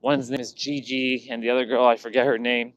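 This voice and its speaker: A man's voice: mid-range voice, level tone, a little fast, clean tone, no room sound, dull audio. A man telling stories in a loose, casual way, rambling, restarting sentences and acting out what people said. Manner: rambling, many restarts, acts out quotes. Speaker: vlogger. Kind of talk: casual storytelling.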